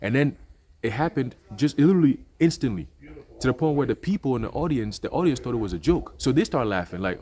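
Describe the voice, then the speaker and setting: A man with an ordinary mid-range voice tells a story in a relaxed church talk. He speaks bluntly and mimics the people he describes. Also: mid-range voice, fast talker. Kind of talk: casual religious discussion.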